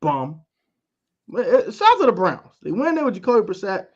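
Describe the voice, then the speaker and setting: A man doing animated sports banter, mocking players in a theatrical way, his loudness swinging from quiet to loud. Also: high-pitched, normal speed. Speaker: co-host. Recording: dull lo-fi audio.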